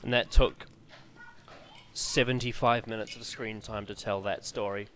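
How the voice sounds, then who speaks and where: A man's voice: fairly low pitch, fairly even intonation, a little slow, fairly bright tone, slight background noise. A man co-hosting a casual review chat, earnest and opinionated, often restarting his sentences. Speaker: co-host of a review show.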